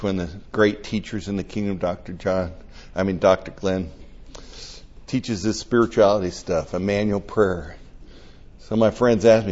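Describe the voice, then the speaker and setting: An older man preaching a conversational sermon, telling stories in an animated and emotional way. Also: lowish voice, lo-fi sound.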